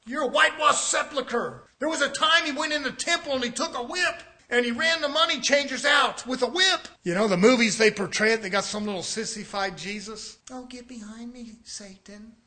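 A man preaching a sermon, swinging from quiet low passages to shouted exhortation and repeatedly addressing his brothers and sisters.

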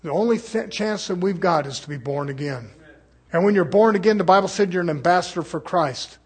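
A man with a high, husky voice preaches to his congregation. He delivers the sermon fervently, firing rhetorical questions at the pews. His voice has a breathy rasp to it. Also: a little fast. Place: church service.

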